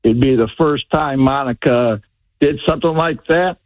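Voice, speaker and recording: A man's voice: medium pitch, normal speed. A man calling into a radio show, rambling and hesitant. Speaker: caller. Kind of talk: call-in phone conversation. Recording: tinny phone line.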